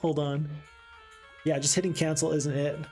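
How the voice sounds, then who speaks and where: A man streaming a strategy game live, chatting and reading viewer comments aloud, with sudden excited outbursts. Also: fairly high pitch, moderate pace, creaky, soft background music.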